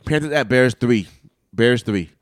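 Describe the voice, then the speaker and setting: A man co-hosting a casual sports podcast, teasing his partner and arguing his points calmly. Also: mid-range voice, measured pace, no room sound, studio quality. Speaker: podcast co-host.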